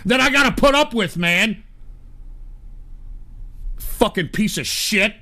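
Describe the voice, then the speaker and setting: Gravelly, profane livestream host, high and tense. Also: male voice, animated, slow pace, sharp tone. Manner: profane, angry ranting; stammering restarts. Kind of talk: ranting livestream broadcast.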